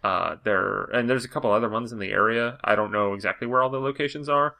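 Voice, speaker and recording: A man's voice: mid-range voice, creaky, sharp tone. A man hosting a podcast in casual chat, rambling along with many "like" fillers. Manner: rambling, fast, full of "like" fillers. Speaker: podcast host.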